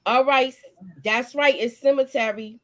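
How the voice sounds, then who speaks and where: A woman's voice: high voice, unhurried. Chatty woman hosting a live recap. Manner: animated, chatty, greets viewers, laughs often. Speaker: live stream host. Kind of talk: casual live recap chat.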